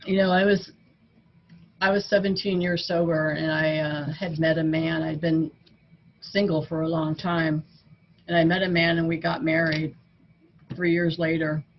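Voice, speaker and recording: A woman's voice: sits low, flat delivery, a little slow, long pauses. An older woman giving an earnest, conversational personal testimony as the speaker at a recovery meeting. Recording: dull lo-fi recording with faint noise.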